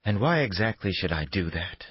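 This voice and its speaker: A man's voice: low voice, big pitch swings, normal speed, breathy edge, no room sound, lo-fi sound, voice pushed up, exaggerated voice. A man voicing a tough, wary woman federal agent who talks in a clipped, demanding way, in an audiobook. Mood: defiant.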